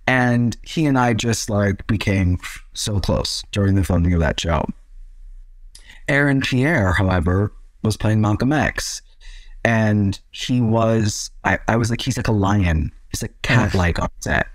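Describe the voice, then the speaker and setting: A man, an actor, chatting as an interview guest and telling set stories with lively acted-out quotes. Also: lowish voice, a little slow, dry recording. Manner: lively storyteller, acts out quotes. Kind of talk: casual interview chat.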